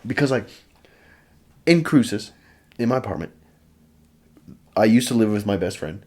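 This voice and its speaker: A man's voice: mid-range voice, expressive, moderate pace, long pauses, a little mellow. A young man hosting a podcast, chatting casually and rambling with lots of fillers. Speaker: podcast host. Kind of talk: casual chat.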